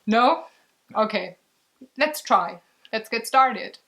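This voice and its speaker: Woman, vlog host, casual chat, giggly, slightly high voice. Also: expressive, takes it slowly, pushed and bright. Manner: giggly, chatty, many fillers.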